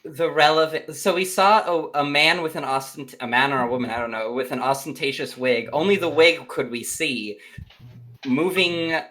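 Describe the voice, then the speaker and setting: A player in a tabletop game, joking and thinking out loud as they sort out what just happened. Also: medium pitch, moderate pace. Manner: jokey and animated, thinking out loud. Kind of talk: casual tabletop game chat.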